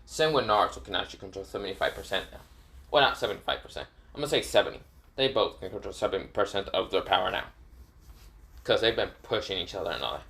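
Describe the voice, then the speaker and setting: A man's voice: sits low, lively intonation, fast talker, gravelly, sharp tone. A man casually retelling a fan-made story in a rambling way, full of fillers and restarts.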